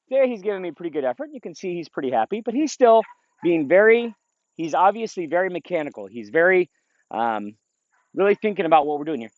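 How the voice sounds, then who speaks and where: A man's voice: high-pitched, lively intonation, brisk, dry recording, highs cut off. Man explaining dog training outdoors. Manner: explains plainly, then calls short upbeat commands to the dog. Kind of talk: outdoor training video with commentary. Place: outdoors in a field.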